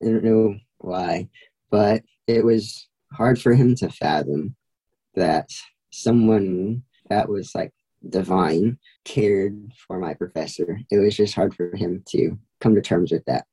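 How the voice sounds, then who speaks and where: A young man speaks as a podcast guest, recounting events loosely and filling gaps with "like". His voice sits low and very dark, with a husky, slightly rough edge. He chuckles now and then while he talks. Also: slow, low-quality recording. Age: young adult. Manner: casual, filler-heavy with frequent "like", laughs lightly. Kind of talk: casual interview storytelling.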